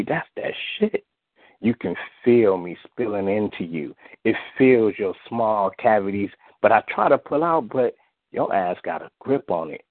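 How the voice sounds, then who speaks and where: A man reciting erotic spoken-word poetry in a slow, sensual way, often saying "you see", heard over a phone line. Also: low-pitched, no room sound. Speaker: guest poet. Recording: tinny phone-line audio, dry.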